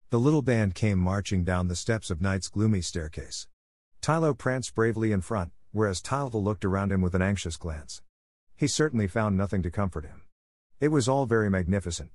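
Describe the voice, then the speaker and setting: A man narrating a classic fairy tale as an audiobook in a measured, steady manner. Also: on the low side, no room sound, studio quality.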